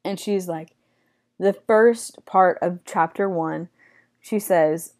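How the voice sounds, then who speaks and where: A young woman teaching a casual Bible study in a chatty way, acting out quotes with excited squeals. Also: on the low side, takes it slowly.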